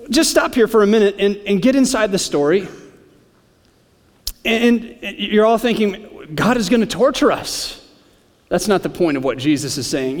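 A man's voice: high voice, big-room sound. A man preaching a sermon, explaining scripture in a conversational way with casual asides. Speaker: pastor.

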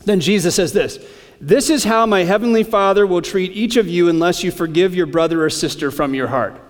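A man's voice: high voice, brisk, in a large hall. A man preaching a sermon, explaining scripture in a conversational way with casual asides. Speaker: pastor.

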